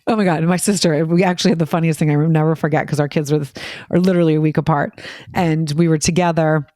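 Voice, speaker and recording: A woman chatting casually as a parent on a podcast, telling quick, filler-heavy stories and acting out what people said. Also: low-pitched, steady tone, warm tone, no echo, clean studio sound. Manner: rapid, filler-heavy storytelling, acting out quoted voices. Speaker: parent guest.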